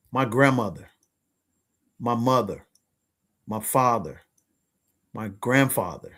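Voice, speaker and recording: Fifties guy hosting a money show, slangy storytelling, keeps saying ladies and gentlemen. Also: mid-range voice. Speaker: podcast host and money coach. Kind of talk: motivational storytelling to listeners.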